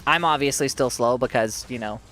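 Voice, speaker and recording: A man's voice: mid-range voice, fairly quick, fairly bright tone, soft background music. A man streaming a game, giving casual commentary while chatting with his viewers, joking at his own expense and laughing often.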